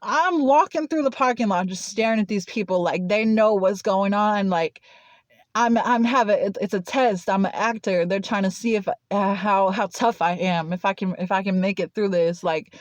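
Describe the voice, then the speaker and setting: Speaking at medium pitch and normal speed, a woman in Nashville shares a personal story on dull audio with no echo. She rambles casually, using "like" heavily and restarting often.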